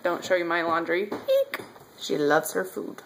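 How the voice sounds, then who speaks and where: A woman's voice: fairly low pitch, huge pitch swings, measured pace, background noise. Chatty young mother vlogging at home. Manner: chatty, coos to her baby. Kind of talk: casual vlog chat.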